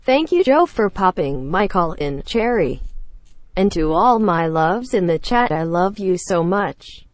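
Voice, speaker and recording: A woman's voice: lowish voice, very animated, measured pace, no room sound. Robotic lady tts reading a donation, dry and close. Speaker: text-to-speech donation message.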